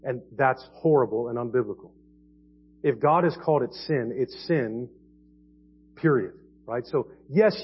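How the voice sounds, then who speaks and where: A man preaching a sermon as pastor, earnest, swinging between quiet and emphatic passages. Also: medium pitch, slightly rough. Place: church sanctuary. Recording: dull lo-fi church audio.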